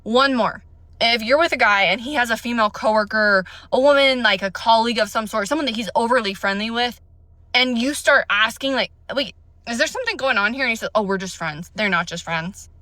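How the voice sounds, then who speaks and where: A woman's voice: fairly high pitch, brisk, bright, forceful tone, no echo. Firm woman giving direct advice. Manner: firm, direct, listing points. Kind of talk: advice monologue to camera.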